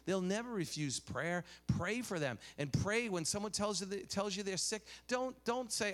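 A man preaching a sermon, telling stories animatedly, dropping to a hush and rising loud again, with many restarts. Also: high-pitched, animated, moderate pace, hardly any pauses.

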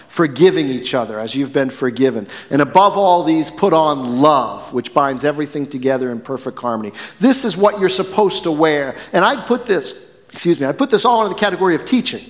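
A male pastor from the northern United States preaching a sermon in a church, swinging from quiet, measured phrases to loud, emphatic ones. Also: on the high side. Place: church sanctuary. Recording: long hall reverb.

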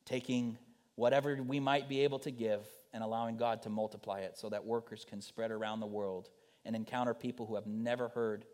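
A man preaching a sermon as a missionary speaker, rising to urgent pleas and dropping to soft, quiet lines. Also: fairly low pitch, little pitch movement, brisk. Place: church.

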